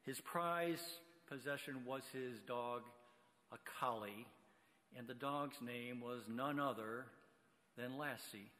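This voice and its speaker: A man, a guest preacher, telling a story in an unhurried sermon delivery. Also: medium pitch, pushed and bright. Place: church sanctuary with long reverb. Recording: reverberant church hall.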